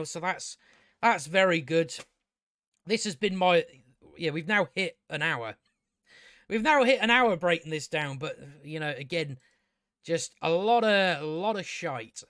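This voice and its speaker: A man's voice: a little high, animated, moderate pace, a bit bright, dry recording, studio quality. Sarcastic, rambling man reviewing TV. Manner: rambling, sarcastic, sweary, many restarts. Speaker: TV episode reviewer.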